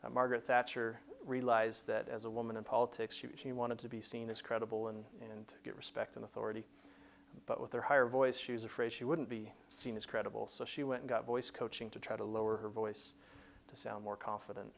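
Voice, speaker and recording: A man's voice: mid-range voice, level tone, fairly quick, creaky, a little hiss or hum. A man hosting a career advice show, explaining plainly in a conversational teaching style with frequent restarts. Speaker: career coach host.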